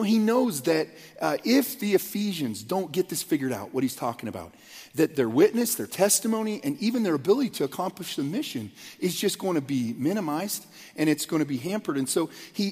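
A fairly high-voiced man preaching an earnest, conversational sermon. He talks in loose stretches full of restarts and fillers. His voice rings out with a long reverb tail, like a church auditorium. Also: darkish tone, husky. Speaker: pastor.

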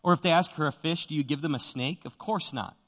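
A man's voice: fairly high pitch, fast talker, a bit bright. A young man preaching a sermon in an earnest, conversational way, often repeating himself. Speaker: pastor. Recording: long hall reverb.

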